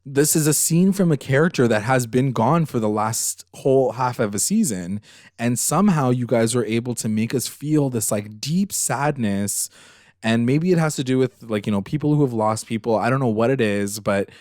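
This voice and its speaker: A man's voice: mid-range voice, normal speed, dry recording, clean studio sound. A man co-hosting a podcast, retelling a TV episode in casual, emotional chat full of fillers. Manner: emotional, animated retelling, many fillers and swearing. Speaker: podcast co-host.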